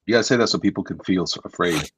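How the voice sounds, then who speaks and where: A man's voice: deep voice, very fast, slightly rough, no echo. A man hosting a live stream and reading the chat, talking hesitantly with many restarts. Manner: hesitant, restarts a lot, repeats "listen".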